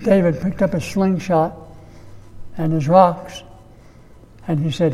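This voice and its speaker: A pastor delivering a sermon, preaching slowly and emphatically, repeating key phrases. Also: male voice, on the high side, fairly even intonation, dark tone, big-room sound.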